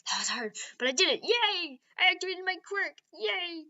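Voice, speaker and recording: A woman voicing an excitable, nervous teenage boy hero in a high, loud, eager voice. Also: normal speed, exaggerated voice. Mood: relieved. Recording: dull lo-fi recording.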